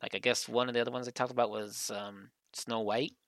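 A man's voice: mid-range voice, little pitch movement, fairly quick, a bit bright, no room sound. A man co-hosting a podcast, telling a story in casual chat and filling his sentences with "like". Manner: rambling storyteller, heavy use of "like". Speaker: podcast co-host.

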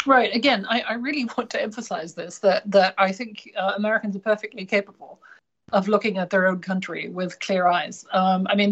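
A woman from Germany, a native German speaker, answering as an interview guest in a measured, hesitant way with frequent fillers. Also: medium pitch, highs cut off. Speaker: guest analyst. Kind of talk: radio interview.

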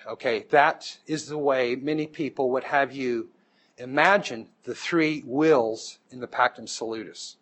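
A man's voice: mid-range voice, measured pace, a bit bright. A man teaching a Bible class, explaining step by step and checking in with the class as he goes. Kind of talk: classroom lecture.

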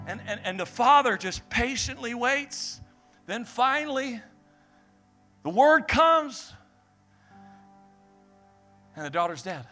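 A young male preacher with a high, bright, forceful voice delivers an animated sermon, acting out people in his stories. Soft music plays faintly behind him. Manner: animated, acts out Bible figures and family members in quick voices. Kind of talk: energetic sermon.

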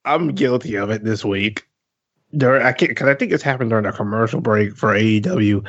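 A man's voice: lowish voice, fairly quick, fairly bright tone, muffled recording. A man co-hosting a casual wrestling chat, making sarcastic, mocking remarks. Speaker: podcast co-host.

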